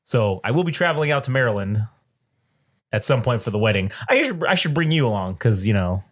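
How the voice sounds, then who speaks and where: A man's voice: medium pitch, big pitch swings, a little fast. A young man co-hosting a podcast, telling stories in casual chat, profane and often laughing, acting out the people in them. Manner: laughing storyteller, profane, acts out other people's voices. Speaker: podcast co-host.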